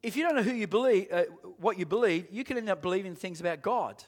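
High-voiced man preaching a forceful sermon. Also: lively intonation, quick pace. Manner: emphatic preaching, rising to shouts; addresses congregation with questions and amens. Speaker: pastor.

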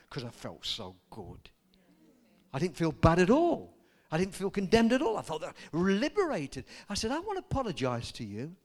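Older preacher, animated and emphatic. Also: male voice, medium pitch. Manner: animated storytelling preacher, rising to loud emphatic peaks. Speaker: pastor. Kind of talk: sermon.

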